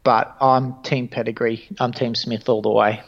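A man's voice: medium pitch, little pitch movement, moderate pace, creaky. Cheeky man on a dull mic. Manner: cheeky, joking banter. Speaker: podcast co-host. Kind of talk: casual sports fantasy chat.

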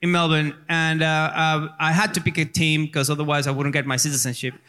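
A man from Venezuela with a Venezuelan Spanish accent, a native Spanish speaker, telling animated stories as a guest on a live comedy panel, repeating words and swearing freely. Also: fairly high pitch, fairly quick, clear, resonant tone. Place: festival stage before an audience. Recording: live stage with long hall reverb.

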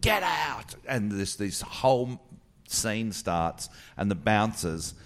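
A middle-aged Australian comedian telling crude, animated stories on a live podcast. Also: male voice, on the low side, slow. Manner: crude, animated yarn-spinning. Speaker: comedian guest.

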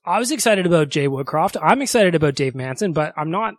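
A man's voice: a little high, lively intonation, a little fast, no room sound, studio quality. Chatty upbeat male podcast host. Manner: chatty, upbeat, laughs often. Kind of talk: casual solo podcast talk.

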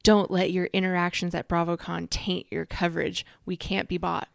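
Lower-voiced woman, dry close sound. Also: flat delivery, moderate pace, vocal fry, no room sound. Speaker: podcast co-host. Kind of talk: casual recap chat.

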